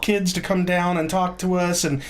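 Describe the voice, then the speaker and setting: Middle-aged male podcast host, higher-voiced. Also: flat delivery, normal speed. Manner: fills in details, gently corrects his wife. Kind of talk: conversational interview.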